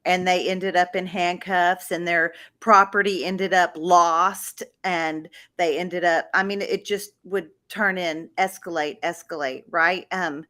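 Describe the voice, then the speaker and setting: A woman co-hosting a podcast, telling a story in a slow, deliberate way. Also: lowish voice, flat delivery, bright, forceful tone. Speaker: podcast co-host. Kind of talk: casual storytelling.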